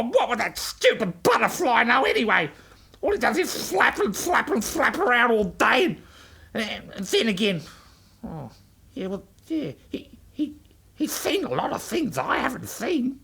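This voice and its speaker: A man voicing a grumpy young male ant in a children's storybook, speaking in a sulky, high, raspy voice. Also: sing-song, unhurried, bright, forceful tone, full character voice. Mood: cross. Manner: whiny and sulky.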